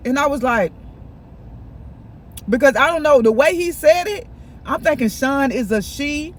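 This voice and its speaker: Very high-voiced man telling gossip. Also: moderate pace, pauses often. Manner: animated, gossipy, keeps addressing viewers directly. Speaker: vlogger. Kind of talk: casual storytime while eating.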